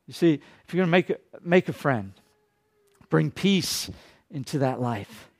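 A man preaching a sermon, swinging between loud, urgent lines and hushed, quiet ones, and briefly acting out the people he quotes. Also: fairly high pitch, expressive, a little slow. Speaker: pastor.

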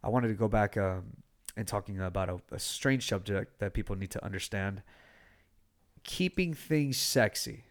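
A young man hosting a podcast in casual chat, blunt and animated, swearing freely as he tells stories. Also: fairly low pitch, fairly quick. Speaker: podcast host.

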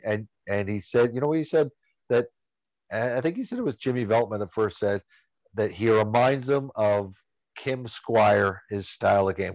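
Halting man telling a sports story. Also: on the low side, a little mellow, no room sound, rough recording. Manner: storytelling, halting with many restarts. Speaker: lacrosse podcast co-host. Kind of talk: casual sports chat.

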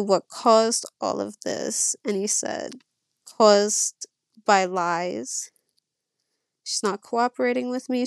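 A young woman recounting a personal story, her voice gravelly with fry. She reads text messages aloud in a loose, halting way full of fillers, and the recording is dry and close. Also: medium pitch, no echo. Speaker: guest sharing her story.

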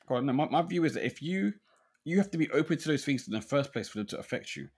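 A man's voice: a little high, lively intonation, quick pace, a little mellow, slightly rough. A man co-hosting a podcast in casual chat, often restarting words and tagging lines with "right?". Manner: stammering restarts, frequent "right?" tags. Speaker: podcast co-host.

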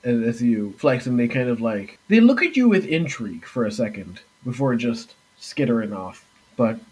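A man narrating as game master in a relaxed, loose way. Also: fairly low pitch, husky, poor audio.

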